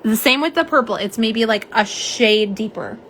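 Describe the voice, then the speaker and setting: A woman's voice: a little high, normal speed, fairly bright tone, a little hiss or hum. Chatty woman hosting a live stream. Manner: chatty, reads viewer comments aloud. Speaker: livestream host. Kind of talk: live unboxing and swatch stream.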